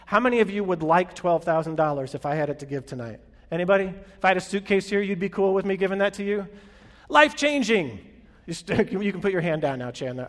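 A man preaches a sermon as pastor in a big hall, his slightly raised voice trailing into a long reverb. He talks conversationally and tosses questions at the room. He swells and drops his loudness to land his points. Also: high voice. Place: large hall with an audience.

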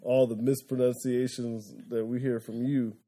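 Mellow-voiced man teasing on a podcast. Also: medium pitch, level tone, normal speed. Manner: teasing, laid-back, joking. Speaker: podcast co-host. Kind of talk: casual podcast banter.

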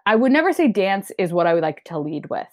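A young woman, a stage actor, telling stories in a casual interview, lively and often laughing. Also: fast talker. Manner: animated, laughing, quotes herself in a high voice.

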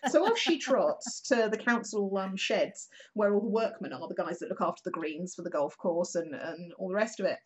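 A woman, a regular on the show, telling a local anecdote in a chatty, animated way, acting out quotes with plenty of fillers. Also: lowish voice, moderate pace, few pauses, slightly rough. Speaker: regular contributor. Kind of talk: casual storytelling chat.

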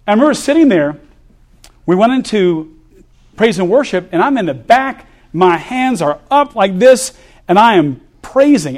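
Animated man preaching a testimony. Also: high voice. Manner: animated storyteller, laughs between lines. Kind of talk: sermon with personal testimony.

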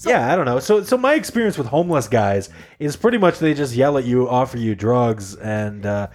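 A Canadian man with a Canadian accent, hosting a podcast and telling anecdotes in a laid-back, animated way. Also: mid-range voice, a little fast, soft background music. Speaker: podcast host. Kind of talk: casual chat.

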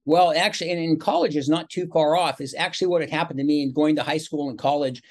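A man's voice: fairly high pitch, quick pace. A man in his sixties, a motivational speaker, telling his life story as an interview guest in a chatty, anecdotal way. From Seattle, USA. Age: 60s. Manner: chatty, animated storyteller with quoted dialogue.

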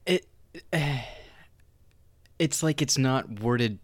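A man co-hosts a casual film chat in a laid-back, joking way. His voice sits at an ordinary pitch. The recording is dry and close. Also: drawn-out words, no room sound. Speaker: podcast co-host.

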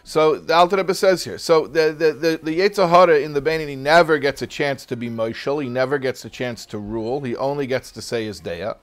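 A man's voice: fairly high pitch, brisk, few pauses. A man teaching a religious text class in a casual, joking storytelling manner.

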